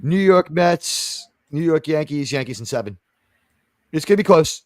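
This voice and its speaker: A man's voice: fairly high pitch, lively intonation, normal speed, darkish tone, no echo, clean studio sound. A man hosting a casual streamed panel talk show, rambling and joking with frequent laughs. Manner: rambling, jokey, laughs often.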